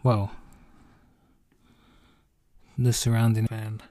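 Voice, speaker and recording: A man's voice: lowish voice, level tone, very slow, warm tone, no echo. A young man, a tired podcast host rambling casually and swearing as he answers listener questions. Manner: rambling, sweary, laid-back. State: yawning, tired. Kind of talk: casual solo podcast chat.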